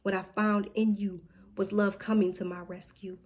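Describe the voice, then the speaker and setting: A woman reciting a spoken word poem about love and apology, slow and deliberate, sometimes dropping to a soft whisper. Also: on the low side, flat delivery.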